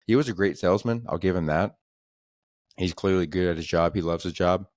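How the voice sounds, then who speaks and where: Young male podcast host, low pitch, laid-back and profane, a "dude" every other line. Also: brisk, no echo, studio quality. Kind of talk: casual comedic storytelling.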